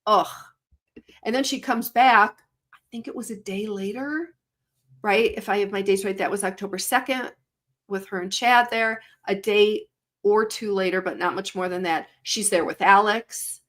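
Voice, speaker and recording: A woman's voice: mid-range voice, steady tone, moderate pace, a bit bright. A woman co-hosting a live stream in casual chat, talking freely, laughing often and exclaiming. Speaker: co-host.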